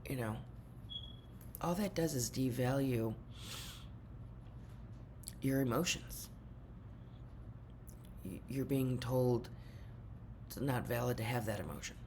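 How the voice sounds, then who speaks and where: Low-voiced older woman, earnest spiritual talk. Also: slight background noise. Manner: earnest, direct, addresses viewers. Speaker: spiritual teacher.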